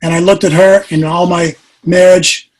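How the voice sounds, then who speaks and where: Guy in his 60s on a podcast, kinda husky, earnest and animated telling his story. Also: high voice, moderate pace, poor audio. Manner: earnest, animated storyteller who acts out quotes. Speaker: podcast guest. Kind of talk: personal storytelling in an interview.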